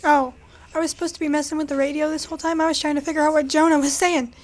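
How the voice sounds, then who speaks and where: A woman's voice: sits high, level tone, racing. A young woman hosting a let's play, talking back to the game with frantic apologies and pleas. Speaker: gaming channel host.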